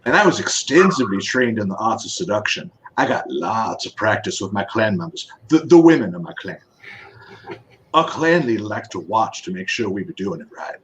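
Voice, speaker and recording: A man's voice: lowish voice, big pitch swings, normal speed, a bit bright, slight background noise, rough recording. A man voicing a boastful male ninja from the Louisiana bayou, with a Louisiana accent and folksy, bragging speech. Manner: brash, bragging, folksy grammar.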